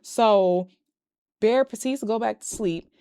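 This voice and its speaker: A woman recapping a horror movie in a casual, animated and profane way, breaking into laughs. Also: medium pitch, measured pace, clear, resonant tone, dry recording, studio quality. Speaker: movie reviewer.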